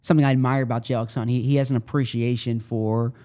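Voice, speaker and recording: A man's voice: mid-range voice, level tone, fast talker, mellow, clean tone. Male podcast co-host, sports beat reporter, casual and rambling delivery. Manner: rambling, many restarts and fillers.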